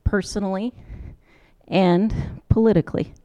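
An American social work professor, unhurried and medium-pitched, tells a travel tale in a conversational lecture. She brings quoted people to life with animated voices. The sound is lo-fi.

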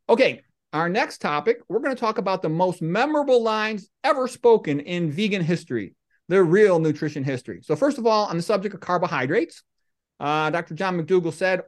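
A middle-aged man hosts a podcast and talks his way through comic stories and quotes. His delivery stays deadpan and wanders into rambling asides. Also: a little high. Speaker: podcast host. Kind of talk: comic monologue and storytelling.

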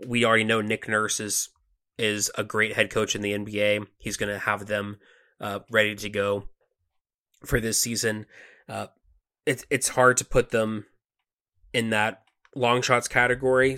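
A man co-hosting a sports podcast, talking casually with lots of fillers and restarts. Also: lowish voice. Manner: relaxed, conversational, frequent fillers and restarts. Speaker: podcast co-host.

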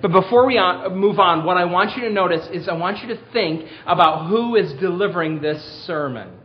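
Male preacher, high pitch, emphatic with rhetorical questions; muffled lo-fi sermon capture. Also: normal speed. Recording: dull lo-fi sermon recording.

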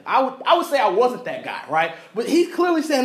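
Man, pastor, high voice, relaxed sermon, acts out characters, laughs. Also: fast, hardly any pauses. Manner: casual storytelling, acts out characters, laughs often. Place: church.

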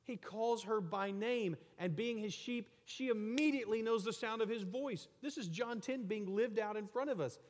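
A pastor with a fairly high man's voice, preaching in a loose, conversational way. He swings from lively, raised passages to low, hushed asides, and his voice rings out with the long reverb of a big hall. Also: moderate pace, few pauses, slight background noise. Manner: conversational, animated with sudden soft asides. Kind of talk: sermon.

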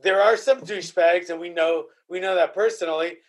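A podcast host in casual chat, emotional and profane, often repeating himself. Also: male voice, high voice, steady tone, fairly quick.

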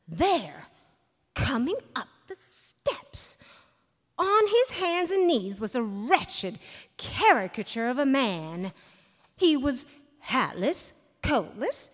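Woman reading a story live, lively pitch. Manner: expressive storytelling. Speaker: reader. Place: stage of a hall. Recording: long hall reverb, live stage.

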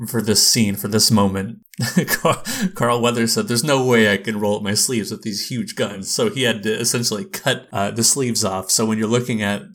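A man's voice: fairly low pitch, fairly bright tone. A man co-hosting a podcast, chatting casually about a movie scene, laughing often and acting out lines from it. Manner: rambling, laughs often, acts out quoted lines. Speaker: podcast co-host. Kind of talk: casual film commentary.

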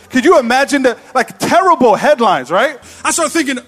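A male pastor preaching a sermon in a church, telling animated stories and laughing at himself. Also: very high voice, normal speed, few pauses.

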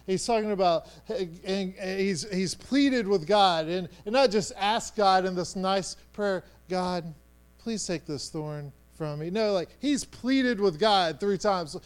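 A middle-aged man preaching a sermon, telling stories in a conversational way with many stammered restarts, dropping to a hush and then rising loud. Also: sits high, measured pace, hardly any pauses, smooth. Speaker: pastor.

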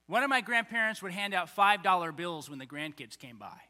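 A man preaching a conversational, animated sermon as pastor, acting out little voices along the way. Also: sits high, fairly quick. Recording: long hall reverb.

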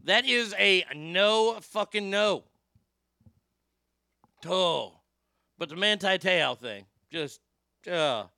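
Loud foul-mouthed radio guy spinning a yarn, highish bright voice, dry studio sound. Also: lively intonation, very slow, creaky, long pauses, no echo. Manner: profane, loud and emphatic storyteller. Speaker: radio show host. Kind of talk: storytelling on a talk show.

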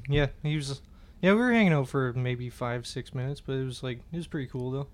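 A man co-hosting a comedy podcast in casual chat, telling stories and loudly acting out the people in them. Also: mid-range voice, normal speed. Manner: animated storyteller, acts out quoted voices loudly. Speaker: podcast co-host.

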